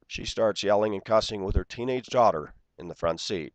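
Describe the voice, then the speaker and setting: A man's voice: lowish voice, expressive, moderate pace, no echo, rough recording. A man in his forties telling an aggrieved story in an indignant, ranting way, acting out the dialogue. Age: 40s. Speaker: vlogger.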